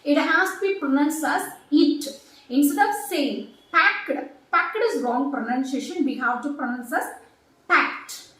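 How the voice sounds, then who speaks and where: A woman teaching an online English vocabulary lesson, slowly repeating each word and example sentence twice. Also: high voice, a bit bright, recorded from a distance. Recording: very echoey room.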